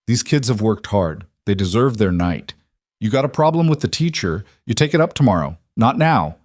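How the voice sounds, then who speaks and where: A man voicing a plain-spoken male townsman who talks in a steady way, in a scripted story reading. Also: fairly low pitch, normal speed, no room sound, clean studio sound.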